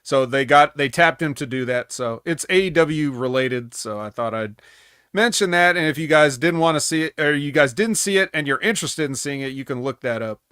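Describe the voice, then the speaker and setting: A man's voice: fairly high pitch, fairly quick, sharp tone, smooth, no echo, studio quality. A man co-hosting a casual wrestling recap podcast, rambling with sarcastic asides. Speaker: podcast co-host.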